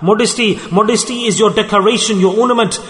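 Impassioned high-voiced male preacher. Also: fast talker. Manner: impassioned, repetitive, swings between soft and loud. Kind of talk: sermon. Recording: long reverb of a hall.

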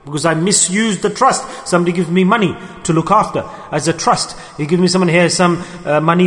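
A man giving a storytelling sermon, animated, acting out dialogue and repeating phrases for emphasis. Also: high-pitched, brisk, few pauses. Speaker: preacher. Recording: long hall reverb.

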